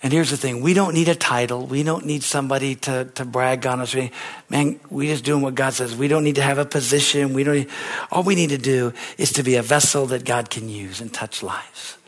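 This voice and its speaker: A pastor preaching a sermon, telling stories with excitement that climbs to shouts, repeating phrases and calling for amens. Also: male voice, mid-range voice, brisk. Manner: repetitive, emphatic phrasing with call-and-response.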